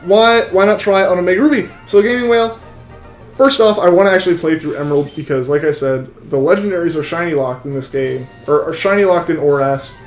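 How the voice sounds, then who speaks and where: A man's voice: fairly high pitch, a little fast, roomy sound, faint music behind. A young man live-streaming a game, chatting with viewers in a rambling, casual way. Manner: rambling, chatty, full of restarts. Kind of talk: live-stream chat while shiny hunting.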